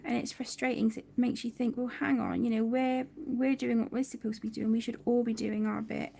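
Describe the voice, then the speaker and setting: Woman host, thirties, high gravelly voice, chatty livestream talk reading out comments. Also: little pitch movement, a little fast, dark tone. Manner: chatty, reads viewer comments aloud. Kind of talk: casual livestream chat.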